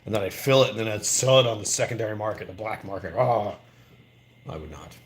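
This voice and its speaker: A quick-paced American man with a fairly low pitch hosts a whiskey livestream inside a whiskey bar, a slight hiss or hum audible. He chats informally, throws in jokes, and reads viewer comments.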